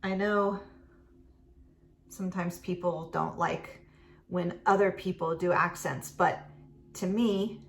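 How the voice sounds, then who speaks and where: A woman's voice: mid-range voice, creaky, slight background noise. A middle-aged woman chatting casually at home while doing her makeup, rambling and chatty with many fillers. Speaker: beauty vlogger.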